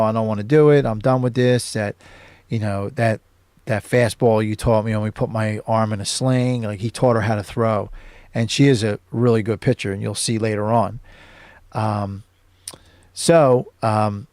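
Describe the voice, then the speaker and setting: Rambling low-voiced man recapping a film. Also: darkish tone, no room sound. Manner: rambling, many ums and uhs. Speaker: show host. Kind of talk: casual film commentary.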